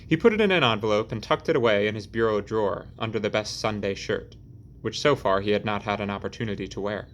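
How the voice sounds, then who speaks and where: A man narrating a novel in a steady, measured audiobook reading. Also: on the low side, slight background noise. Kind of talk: scripted narration.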